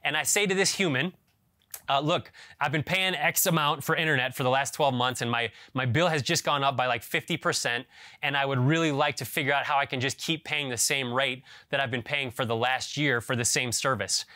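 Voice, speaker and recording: Bright-voiced male pastor preaching. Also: mid-range voice, fairly quick, dry recording, clean studio sound. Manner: animated storyteller, acts out phone dialogue. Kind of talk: sermon with scripture reading and storytelling.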